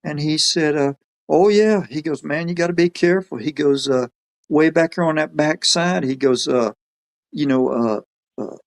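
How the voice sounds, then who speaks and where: A podcast guest from Alabama, speaking at a fairly high pitch and moderate pace, tells a story in a folksy, rambling way. As he goes, he quotes other people in his own voice.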